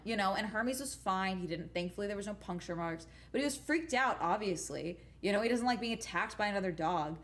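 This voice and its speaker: A woman livestreams from home, chatting with her viewers and telling rambling stories in a mid-range, animated voice. She talks fairly quickly with few pauses, casual, profane and emphatic, and tags her sentences with "okay?".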